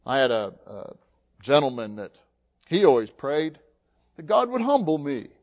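A male pastor preaching a sermon in an animated way, swinging from hushed asides to emphatic, acted-out dialogue, recorded in a church sanctuary. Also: fairly high pitch, moderate pace. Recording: dull lo-fi sound with long hall reverb.

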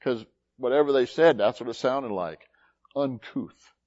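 A man preaching a sermon in an animated way, swinging between loud emphasis and quiet asides. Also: mid-range voice, measured pace, muffled recording. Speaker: pastor.

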